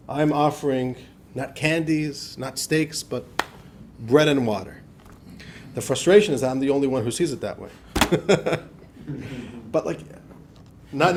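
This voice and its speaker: A man teaching a class as a rabbi, telling stories in a lively lecture style, acting out quotes and laughing often. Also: medium pitch, a little hiss or hum. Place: class in front of a live audience.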